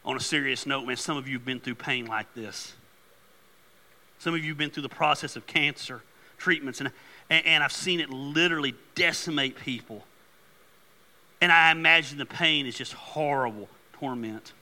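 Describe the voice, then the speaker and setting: A middle-aged male pastor preaching a sermon, an animated, joking storyteller who turns earnest. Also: mid-range voice, moderate pace.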